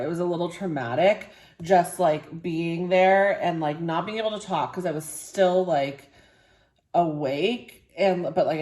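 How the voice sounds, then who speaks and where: Young woman vlogging, low voice, lots of "like", tired and soft, echoey room. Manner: rambling, many "like" fillers, soft and emotional. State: tired and sore after a procedure. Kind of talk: casual personal vlog.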